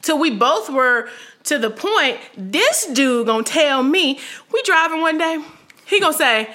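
A woman, co-hosting a podcast and teasing her husband in casual, expressive talk. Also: high-pitched. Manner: expressive, teasing, quick to laugh. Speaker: podcast co-host. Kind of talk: casual chat.

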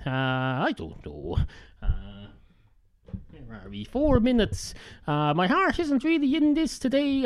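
A hoarse man hosting his podcast alone, rambling in a deadpan way with constant filler sounds. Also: sits high, no room sound. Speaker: podcast host. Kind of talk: rambling solo monologue.

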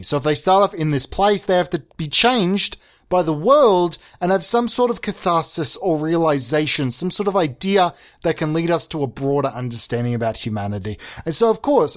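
A man hosting a comedy show, rambling in a mock-pompous way and swearing now and then. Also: fairly high pitch.

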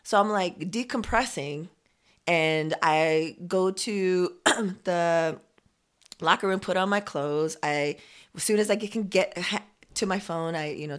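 A woman co-hosting a podcast, telling a story in casual chat with lively, profane asides and acted-out quotes. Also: on the low side. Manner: animated storytelling, lots of swearing and acted-out quotes. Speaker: podcast co-host. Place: home. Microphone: remote recording.

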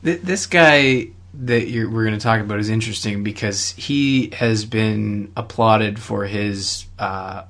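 A man from Canada co-hosting a casual chat podcast, relaxed and explaining with many ums and uhs. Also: on the low side, measured pace, hardly any pauses. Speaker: podcast co-host.

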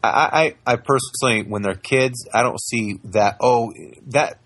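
A young man in a casual talk, animated as he tells stories about his small daughter and acts out the voices. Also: medium pitch, a little slow, breathy edge, no echo. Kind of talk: casual chat.

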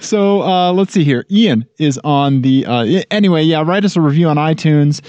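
A man's voice: a little high, lively intonation, moderate pace, darkish tone, no room sound. Man, casual podcast co-host, loose and jokey, filler-heavy, lo-fi dry sound. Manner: joking, rambling with many fillers. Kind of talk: casual chat. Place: home blanket fort.

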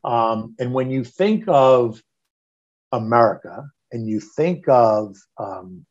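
Slow and medium-pitched, the middle-aged man shares his story as a podcast guest, animated and swearing freely. He raises his voice when reliving panicked moments, and the sound is lo-fi.

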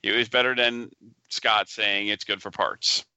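A man's voice: fairly low pitch, steady tone, a little slow, pushed and bright, clear, resonant tone, no room sound. A man hosting a casual pinball podcast, teasing his co-host and gloating with enthusiasm.

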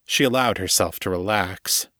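A man narrates a novel in a steady, measured audiobook read. His voice sits on the low side, recorded close on a studio mic in a dry space with no room sound. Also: no room sound.

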